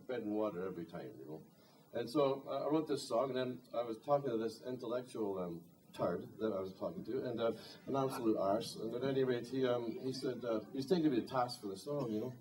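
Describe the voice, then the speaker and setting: A man's voice: mid-range voice, fast talker, a little mellow. A male singer-songwriter telling a rambling, wry story between songs at a live gig, with plenty of "you know". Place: live music venue. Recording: distant live gig recording.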